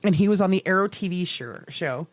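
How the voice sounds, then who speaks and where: Swearing, animated middle-aged woman host. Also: fairly low pitch, brisk, dry recording. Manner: animated, swearing, laughing storyteller. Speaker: podcast co-host. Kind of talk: casual chat.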